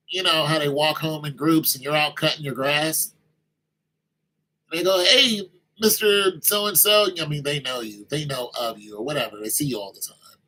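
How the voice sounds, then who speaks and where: Husky, bright-voiced man giving an informal sermon. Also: fairly high pitch, poor audio. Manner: conversational, acts out little exchanges in raised voices. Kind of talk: informal sermon-style talk.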